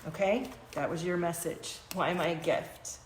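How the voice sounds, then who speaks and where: A woman's voice: fairly low pitch, steady tone, normal speed, reverberant, slight background noise. A woman hosting a casual spiritual livestream from her small home studio, pulling oracle cards for viewers, chatting loosely and now and then breaking into chanted light-language syllables.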